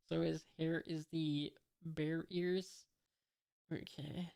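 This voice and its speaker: A woman's voice: low-pitched, little pitch movement, very slow, gravelly, pauses often, darkish tone. A woman casually reading a comic aloud, hesitant with many fillers and unsure asides. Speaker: comic reader.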